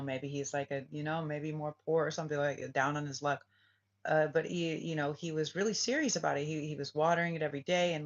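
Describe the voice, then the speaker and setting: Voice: medium pitch, fairly bright tone, dull audio. Rambling, profane spiritual vlogger. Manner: rambling, swears often, says right? a lot, restarts phrases. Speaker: spiritual reader and channel host. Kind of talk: casual spoken storytelling vlog.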